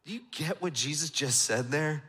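Guy preaching a sermon, bright ringy voice, big church echo, goes loud then real quiet. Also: fairly high pitch, moderate pace, husky. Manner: swings from loud emphatic to hushed intimate. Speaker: pastor. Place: church sanctuary. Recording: church sanctuary with long reverb.

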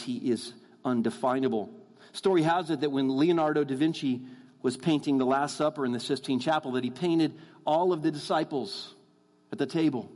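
A man's voice: mid-range voice, a little mellow. Preaching man in a reverberant church. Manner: earnest, addresses the crowd as folks, slows down for emphasis. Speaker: guest preacher. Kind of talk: sermon. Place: church sanctuary. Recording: long hall reverb.

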